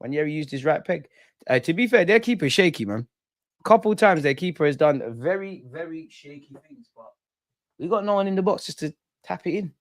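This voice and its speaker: A young man hosts a live football watch-along, talking casually and reacting to the game as it unfolds. His voice sits a little high, and the recording is dry and close. He drifts between quiet muttering and loud outbursts at the play. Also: brisk, no room sound. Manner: animated, swings from muttering to shouting at the ref.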